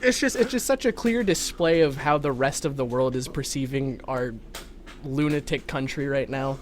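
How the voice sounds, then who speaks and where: A man co-hosting a podcast, telling stories in an animated, slightly anxious casual way. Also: medium pitch, moderate pace, a little hiss or hum. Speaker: podcast co-host. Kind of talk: casual chat.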